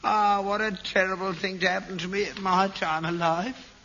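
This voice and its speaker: A man's voice: sits high, level tone, normal speed, pushed and bright. An actor playing a cantankerous, selfish old father in an old radio sitcom, grumbling and cackling. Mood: self-pitying. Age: older. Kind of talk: 1960s radio sitcom acting. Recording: dull old broadcast recording with hiss.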